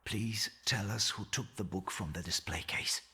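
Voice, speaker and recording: A raspy, stern academy president. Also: male voice, on the low side, moderate pace, bright, forceful tone, full character voice.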